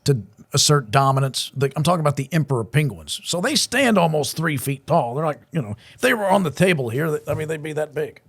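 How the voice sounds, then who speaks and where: Gravelly man, lively casual co-host. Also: on the high side, a little fast. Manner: rambling anecdotal storytelling. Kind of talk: casual podcast chat.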